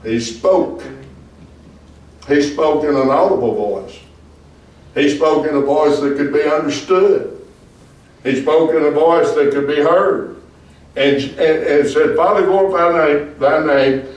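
A man's voice: a little high, slow pace, long pauses, darkish tone, highs cut off. A man, a pastor leading a Bible study, preaching emphatically and calling out for the group to answer "Amen?". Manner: emphatic, calls for "Amen?" replies. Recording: echoey room, far from mic.

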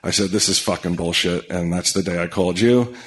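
A man speaking as a guest in casual chat, telling a story bluntly with frequent cursing, uhs and restarts. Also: deep voice. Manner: blunt, profane, halting storyteller. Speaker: podcast guest.

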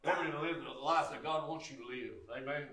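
An older man preaching a sermon as pastor, in a folksy way, peppered with "amen" and swinging from quiet talk to loud exhortation. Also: on the high side, fast talker, echoey room, recorded from a distance, rough recording. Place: church sanctuary.

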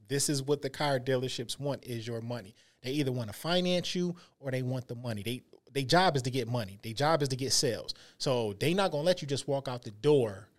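A man's voice: mid-range voice, fairly quick. A man co-hosting a podcast, explaining points in a colloquial, emphatic way. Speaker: podcast co-host. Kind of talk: casual chat.

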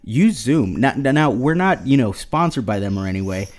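A man's voice: mid-range voice, expressive, moderate pace. A man in his thirties co-hosting a casual podcast, rambling with many restarts and fillers. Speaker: podcast co-host. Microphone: podcast mic at home.

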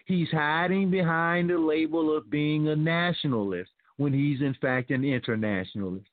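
Man, talk host, sarcastic preachy commentary, slightly high voice, dry phone-like sound. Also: moderate pace, no room sound. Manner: preachy, sarcastic, addresses listeners as family. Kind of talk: opinionated commentary reading news aloud.

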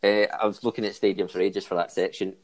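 A man's voice: deep voice, flat delivery, fast talker, darkish tone. A man hosting a casual football chat, cracking pun-filled jokes and laughing at them. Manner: jokey, laughs at his own puns. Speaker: podcast host. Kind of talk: casual chat with joke segments.

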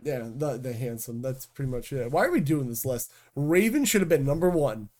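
A man's voice: mid-range voice, expressive, a little fast, darkish tone. A man co-hosting a podcast in casual chat, teasing and swearing freely. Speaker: podcast co-host.

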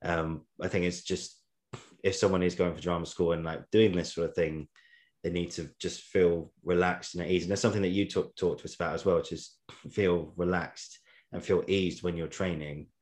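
A man with a very low voice hosts an interview. He rambles through his questions with plenty of filler words and stays encouraging toward his guest. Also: fairly even intonation, normal speed, a little mellow. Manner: rambling, encouraging, laughs often. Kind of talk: conversational interview.

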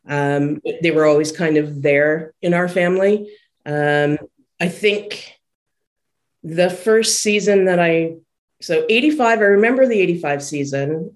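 Relaxed guest, 50s. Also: medium pitch. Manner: relaxed storytelling with many ums. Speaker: interview guest. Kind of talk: casual interview chat.

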